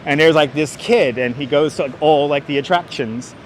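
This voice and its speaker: A man's voice: a little high, moderate pace. Chatty man guiding a street livestream. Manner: chatty, answers viewers by name, gives street history. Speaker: livestream host and city walking guide. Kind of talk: casual walking tour livestream. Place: outdoors on busy city streets. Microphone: wireless clip-on mic. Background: faint street traffic.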